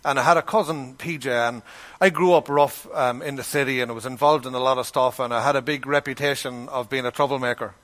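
A man's voice: mid-range voice, steady tone, fast, a bit bright. A middle-aged Irish man preaching a sermon, telling stories in a conversational way and acting out the voices of the people in them. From Ireland. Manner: conversational storytelling, acts out quoted voices. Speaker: pastor. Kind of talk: sermon with storytelling.

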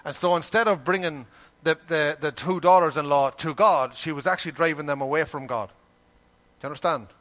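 Preaching man with a higher voice. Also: brisk. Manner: animated, rhetorical questions, colloquial grammar. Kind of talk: sermon.

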